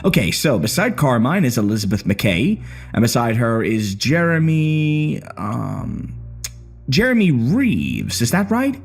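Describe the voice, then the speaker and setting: A man's voice: medium pitch, wildly swooping pitch, measured pace, vocal fry, breathy edge, faint music behind, heavily acted. A man playing a sneering, bitter gunman. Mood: mocking. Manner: mocking, swaggering taunts. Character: bitter, sneering male gunman holding hostages. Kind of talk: horror story narration.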